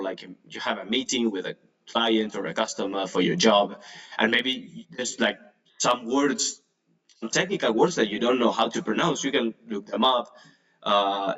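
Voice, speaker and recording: A Spanish-speaking English teacher with a lowish, gravelly, fairly bright voice gives a casual online lesson. He's chatty, uses lots of fillers, and laughs nervously. The audio is degraded, from a distant mic.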